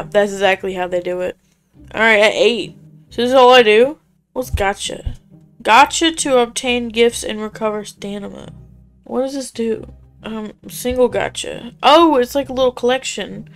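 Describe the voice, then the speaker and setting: A woman's voice: mid-range voice, a bit bright. A young woman giving casual gameplay commentary, chatty and laughing often, reading game dialogue aloud and swearing casually. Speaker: gaming YouTuber.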